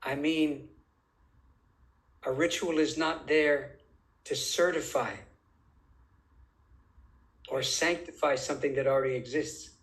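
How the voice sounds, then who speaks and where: A man with a somewhat high voice for his sex, talking as a guest in a conversational interview. He is insistent and emphatic, and he leans on rhetorical questions. He slows down to stretch out key phrases. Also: steady tone, a bit bright, low-quality recording. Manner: deliberate, drawn-out phrasing.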